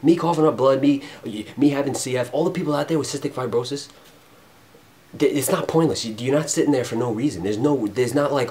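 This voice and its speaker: A man going off in an unscripted spiritual rant, rambling and cursing, swinging between loud emphasis and low mutters. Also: brisk, a little hiss or hum. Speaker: vlogger.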